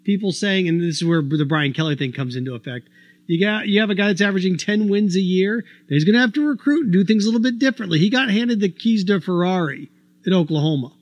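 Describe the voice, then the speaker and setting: A man's voice: sits high, quick pace, no echo, highs cut off. A man hosting a sports talk show, delivering an opinionated monologue full of rhetorical questions. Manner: argumentative, rhetorical questions, animated.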